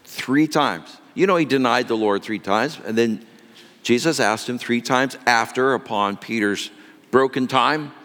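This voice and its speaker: A man's voice: mid-range voice, a little slow, a bit bright, big-room sound. A male pastor delivering an earnest, emphatic sermon.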